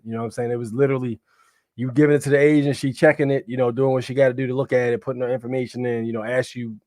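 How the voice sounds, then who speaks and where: Brief: male streamer, mid pitch, rambling slangy chat to viewers, dry close sound. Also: no room sound. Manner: slangy, rambling, many fillers and "you know what I'm saying". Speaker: livestream host. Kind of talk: casual live-stream commentary.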